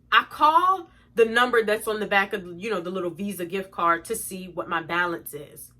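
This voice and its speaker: A young woman telling an exasperated storytime to her viewers, animated and swearing freely. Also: mid-range voice, a little slow. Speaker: vlogger. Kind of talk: storytime vlog.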